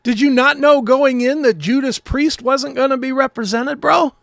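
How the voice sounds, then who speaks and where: Fifties guy cohosting a podcast, high gravelly voice, dry close mic, sarcastic and sweary. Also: normal speed, fairly bright tone, no echo. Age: 50s. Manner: sarcastic, ranting, swears often. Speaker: podcast co-host. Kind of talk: casual profane podcast banter.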